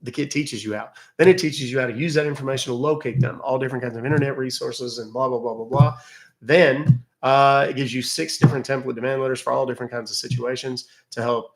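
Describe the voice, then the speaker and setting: A man's voice: medium pitch, fairly even intonation, fast. A man around fifty, hosting a casual livestream and answering viewer questions in a wry, chatty way. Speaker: host answering live chat questions.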